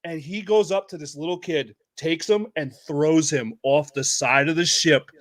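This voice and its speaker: A man with a somewhat high voice tells Navy stories on a casual podcast. He swears freely and acts out the shouting voices of the people in his stories. The sound is dry and close. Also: moderate pace, dry recording. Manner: profane, animated storyteller acting out shouted quotes. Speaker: podcast co-host, Navy veteran. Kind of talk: casual storytelling chat.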